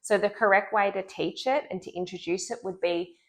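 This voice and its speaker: A woman speech pathologist giving an instructional lesson, clearly and deliberately modeling speech sounds. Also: medium pitch, steady tone.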